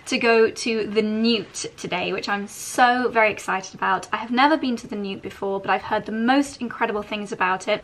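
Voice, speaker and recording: A woman's voice: on the high side, sharp tone. A woman in her thirties chatting to camera in a bubbly, giggly morning vlog at home. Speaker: fashion vlogger.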